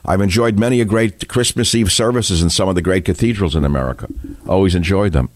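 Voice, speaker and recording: A man's voice: low-pitched, quick pace, dry recording. An older man hosting a talk radio show, delivering opinionated monologues full of rhetorical questions and taking callers. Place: radio studio. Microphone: studio microphone.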